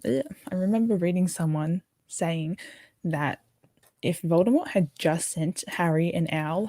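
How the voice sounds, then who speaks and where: A young Australian woman, sounding tired, hosts an early-morning livestream, chatting casually and responding to viewer comments while she builds. Her voice is low and warm, and the recording is dry.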